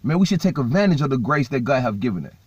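A man's voice: mid-range voice, sing-song, fast, breathy edge, no echo, highs cut off. A man preaching a sermon, repeating phrases and checking in with "right?" and "man". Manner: repetitive, emphatic, frequent "right?" and "man"; conversational, self-correcting. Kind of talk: street-style sermon.

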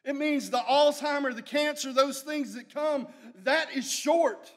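A man's voice: very high voice, unhurried. A man preaching a sermon as a guest preacher, folksy and storytelling, repeating phrases for emphasis.

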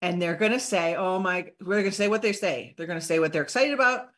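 A woman giving an energetic live training on sales follow-up, acting out short sample conversations in an upbeat voice. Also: on the low side, fast talker. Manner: energetic, upbeat coaching with acted-out sample dialogue. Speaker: network marketing trainer.

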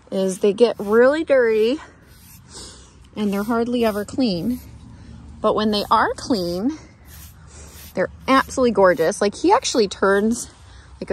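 A woman's voice: medium pitch, husky. A woman talking casually while grooming her horse, chatting to the camera and cooing to the horse between tips. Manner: chatty, talks baby talk to her horse. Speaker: horse riding vlogger. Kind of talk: casual vlog narration. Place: outdoors at a horse barn.

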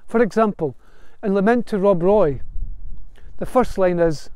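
A man's voice: high voice, moderate pace, a little mellow, no room sound. A man, speaking as a bard and storyteller in an earnest spoken lecture, with a storytelling cadence and a few restarts. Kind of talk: spoken lecture on Gaelic song and history.

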